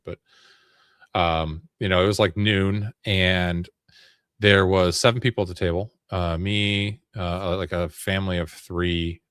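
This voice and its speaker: A man in casual chat, telling a long rambling story in an animated way. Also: low-pitched, no echo, studio quality.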